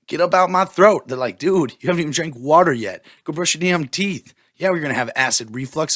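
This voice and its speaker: A man's voice: medium pitch, sharp tone, no room sound, studio quality. A young man hosting a solo podcast, rambling through profane, jokey stories in casual chat. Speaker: podcast host.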